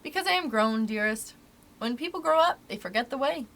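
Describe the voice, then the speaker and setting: A woman reading aloud, voicing a gentle, wistful grown-up mother in a storybook. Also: a little high, expressive, brisk. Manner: soft, wistful, tender.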